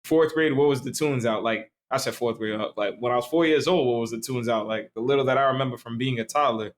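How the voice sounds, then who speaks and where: He's a young podcast co-host from Staten Island, New York, a little drunk and talking fast at medium pitch. His chat rambles casually, thick with slang and profanity.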